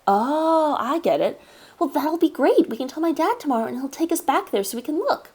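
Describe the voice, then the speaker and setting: A woman doing an eager, high-voiced young boy. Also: lively intonation, a little fast, a little mellow. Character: eager young boy, excitable best friend.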